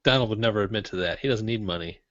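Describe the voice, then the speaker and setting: A man with a lowish, fairly bright voice talks very fast while co-hosting a tech podcast. He jokes easily and muddles through reading listener email aloud. The audio is dull, lo-fi and dry with no room sound.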